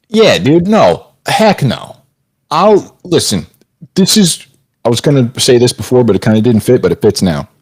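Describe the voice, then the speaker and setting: A man's voice: mid-range voice, a little mellow. A young man co-hosting a podcast, chatting casually with loose, slangy, rambling talk. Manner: loose, rambling, slangy, says bro and dude. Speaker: podcast co-host.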